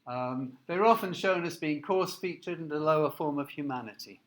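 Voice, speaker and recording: A man lecturing from slides with a fairly high voice for a man. He speaks haltingly, with frequent fillers and restarts, and points his listeners toward the images. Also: lively intonation. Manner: explanatory, asks listeners to look at slides. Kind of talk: recorded lecture.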